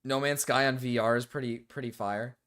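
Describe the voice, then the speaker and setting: A man live-streaming casually, reacting to videos and talking to chat, excitable and quick to yell, then sheepishly apologize. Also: medium pitch, smooth. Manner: excitable, swings between yelling and sheepish apologies.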